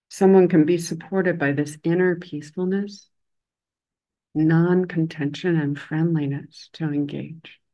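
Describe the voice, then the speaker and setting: A hospital chaplain giving a dharma talk, telling a story in a reflective, measured way with gentle emphasis. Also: medium pitch, highs cut off. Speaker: hospital chaplain and Buddhist teacher.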